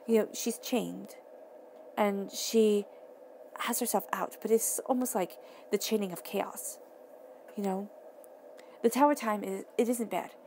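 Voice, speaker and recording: A woman reads tarot casually for the listener at a somewhat slow pace, leaving long pauses. Her medium-pitched voice is a touch mellow, with a bit of hiss or hum in the recording. She's earnest and emphatic, speaks directly to the listener, and often restates herself.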